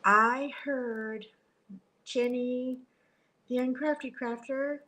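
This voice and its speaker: A middle-aged woman chatting casually on a livestream from a hotel room, animated, joking and gasping as she talks into a tablet. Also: high-pitched, slow pace, rough recording. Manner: chatty and animated, jokes and gasps. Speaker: livestream host. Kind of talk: casual live chat. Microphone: tablet camera.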